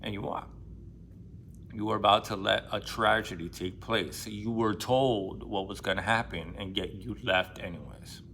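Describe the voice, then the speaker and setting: Profane, excitable man retelling a novel. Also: lowish voice, moderate pace, gravelly, a little hiss or hum. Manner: profane, excitable, acts out quoted lines in a raised voice. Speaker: book vlogger. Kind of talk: casual book discussion, retelling a novel.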